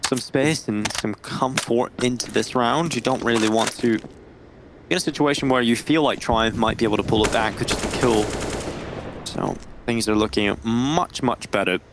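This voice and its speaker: A man calling a video game match as a play-by-play caster, energetic and jokey. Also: medium pitch, moderate pace. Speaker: esports caster. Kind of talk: play-by-play commentary. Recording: noisy game audio behind. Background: gunfire from the game.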